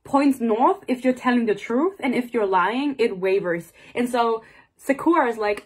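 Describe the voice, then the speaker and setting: Husky young woman ranting about a book. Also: on the high side, animated, normal speed. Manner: exasperated, sarcastic, swears freely; rambling and digressive. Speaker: book reviewer. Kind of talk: casual book rant.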